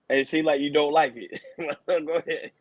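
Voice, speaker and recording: A man hosts a casual chat in an animated, slangy way and laughs easily, his voice sitting a bit high. The recording is dull and dry, with no room sound. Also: measured pace, slightly rough, no room sound. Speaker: podcast host.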